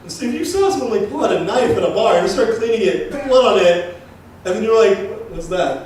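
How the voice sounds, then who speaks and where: A young man performing a stand-up comedy routine, telling a story in an animated way and acting out the people in it. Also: high voice, normal speed, a little hiss or hum. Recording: roomy live venue, mic from a distance.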